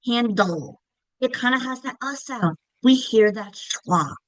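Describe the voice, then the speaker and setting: A woman's voice: fairly high pitch, animated, measured pace, no echo, poor audio. A woman teacher trainer giving a recorded presentation, explaining step by step, sounding out example words and checking in often.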